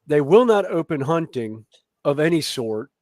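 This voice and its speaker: A Southern-accented man in his thirties chats loosely, circling back on his words and restarting his sentences. His voice sits a little high for a man. The recording is dry and close, with no room around it. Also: very animated, normal speed, a little mellow, no echo. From North Carolina, USA. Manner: rambling and chatty, with frequent restarts and laughs. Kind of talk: casual chat.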